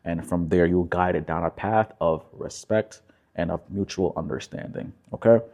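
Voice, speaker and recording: A man speaking as a relationship coach, talking calmly and directly to the viewer, often checking in with "right?". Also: sits low, moderate pace. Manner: calm, repetitive, tag questions like "right?". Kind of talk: direct-to-camera coaching talk.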